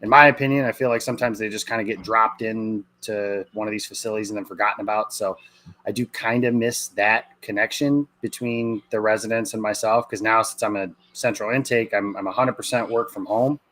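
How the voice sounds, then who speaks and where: A man's voice: lowish voice, steady tone, a little fast, a bit bright. A man in his thirties, a guest on a podcast, talking in an easygoing, rambling way with lots of fillers. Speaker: guest, sportswriter. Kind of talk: casual podcast interview.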